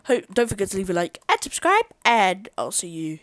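Excitable woman rambling through gameplay. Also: mid-range voice, fairly quick, no echo. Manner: excitable, rambling self-talk, swears at the game. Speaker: gameplay video creator. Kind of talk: gameplay commentary.

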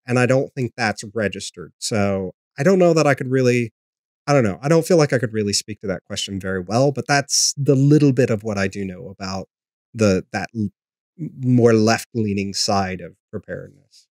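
A man's voice: on the low side, normal speed, darkish tone, no room sound, studio quality. A man, a podcast host, answering questions in a casual, rambling way, with lots of ums and restarts. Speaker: podcast host being interviewed. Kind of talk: casual conversational interview.

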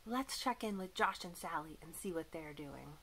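A woman teacher giving a gentle, clearly spoken lesson to young children, addressing them as friends. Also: fairly low pitch, lively intonation, moderate pace, a little hiss or hum. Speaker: preschool teacher.

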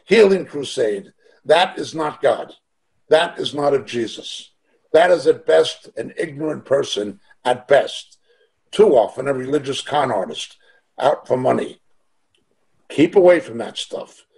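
Emphatic middle-aged Bible teacher. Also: male voice, on the high side. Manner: earnest, emphatic preaching with rhetorical questions. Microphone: video call.

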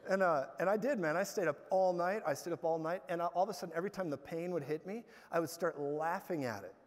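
A man preaching a sermon, telling stories in an animated way with bursts of loud laughter. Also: fairly high pitch, fast talker. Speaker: guest preacher. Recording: hall reverb.

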